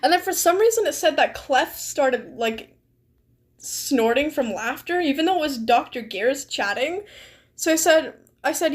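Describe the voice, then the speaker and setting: A woman's voice: high voice, lively intonation, moderate pace. A woman streaming a game, chatting casually with sarcasm, giggles and swearing. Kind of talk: casual live-stream chat.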